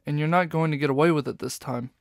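A man's voice: mid-range voice, steady tone, moderate pace, dry recording, studio quality, natural voice. A man voicing a tough female fox police inspector in a storybook, with stern, snapping retorts. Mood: angry.

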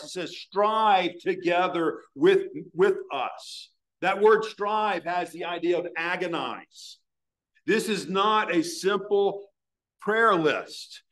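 A man preaching a sermon as pastor, earnest, slowing down to stress words from scripture. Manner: prays in a hushed, low voice.

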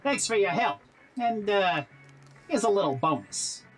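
A slick, scheming robot crook, voiced by a woman for a game, breezy and self-assured as he spins his schemes. His voice rides up and down with lively, animated swings in pitch. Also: measured pace, music in the background, close to an everyday voice, poor audio. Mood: smug. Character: smooth-talking crooked robot businessman, scheming. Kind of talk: game character dialogue.

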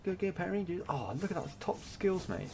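A man chatting casually while playing an online game, excitable, swearing and laughing often. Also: high-pitched, fairly quick, creaky, slight background noise. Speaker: gamer. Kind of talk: casual multiplayer game chat.

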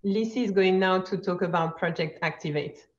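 A woman's voice: lowish voice, normal speed, a little mellow. Woman, product presenter, hesitant, filler-heavy, lo-fi video call audio. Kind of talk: virtual conference update.

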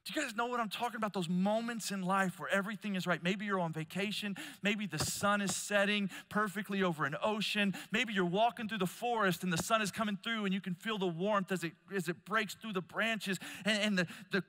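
A middle-aged man preaching a sermon at a conference, telling stories with a lot of energy and swinging between loud and soft. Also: high voice, fairly even intonation, a little fast, few pauses. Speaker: conference speaker. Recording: long hall reverb.

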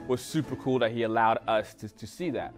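A man's voice: medium pitch, fairly quick, soft background music. A man on a dating game who rambles hesitantly while a put-on accent slips in and out.

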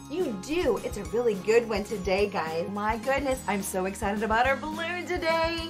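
Bubbly high-voiced woman hosting a kids' show. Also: measured pace, hardly any pauses. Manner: excitable, gasping, sing-song talk to small children. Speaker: children's show host. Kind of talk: children's program presenting. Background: background music.

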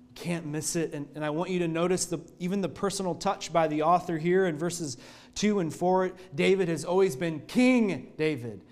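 A male pastor preaching a sermon in a church, telling the story in an earnest, expressive way. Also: fairly high pitch, moderate pace.

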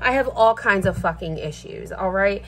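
A woman's voice: mid-range voice, normal speed, fairly bright tone, slight background noise. A woman ranting bluntly and swearing freely while she cooks in her kitchen for a vlog. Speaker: vlogger. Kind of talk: casual rant while cooking. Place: home kitchen.

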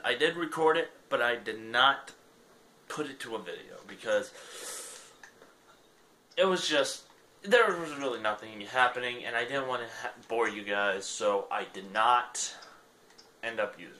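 A man's voice: mid-range voice, animated, normal speed, sharp tone, slight background noise. A young man giving casual gameplay commentary, rambling and self-deprecating. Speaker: gaming channel host.

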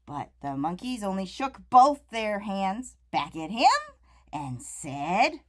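Playful woman reading to kids, lively. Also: mid-range voice, slow. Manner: playful, animated, talks to kids. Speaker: storyteller. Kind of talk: reading a picture book aloud to children.

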